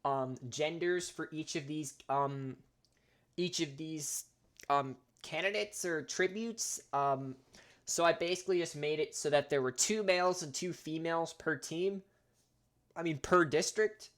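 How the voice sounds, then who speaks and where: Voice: medium pitch, unhurried, a bit bright. A host giving casual, chatty commentary over a simulator game, laughing often and getting sidetracked. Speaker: gaming video host.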